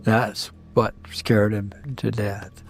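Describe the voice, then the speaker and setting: A man's voice: on the low side, flat delivery, takes it slowly, vocal fry, faint music behind. A father telling a strange experience in a plain-spoken, vivid way. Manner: plain-spoken, vivid retelling with quoted dialogue. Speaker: eyewitness, a father. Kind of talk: personal storytelling.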